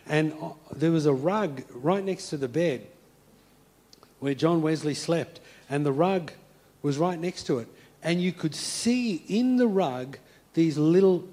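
A man preaching to his congregation and to viewers at home, his voice sitting a little high for a man. He tells his story with a preacher's rhythm, then sinks to a hushed, quiet tone as he leads into prayer. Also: husky. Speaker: pastor. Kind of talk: sermon. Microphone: speaking to a congregation and viewers at home.

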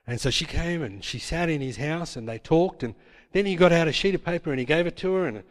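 A man's voice: a little high, animated, brisk. A man preaching a sermon as pastor, emphatic and repeating his points with tag questions. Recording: long hall reverb.

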